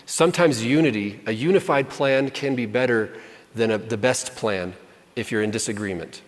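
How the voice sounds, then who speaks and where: Man, casual advice talk, self-deprecating, middle pitch, long hall reverb. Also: normal speed. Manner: conversational, self-deprecating, acts out quoted voices. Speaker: marriage and parenting speaker. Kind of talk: casual talk answering audience questions.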